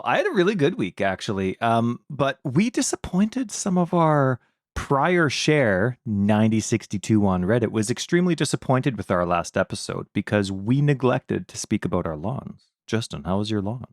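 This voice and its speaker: Playful male podcast co-host, very animated intonation, dry close sound. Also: medium pitch, normal speed, dry recording. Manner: goofy, playful teasing. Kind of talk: casual podcast chat.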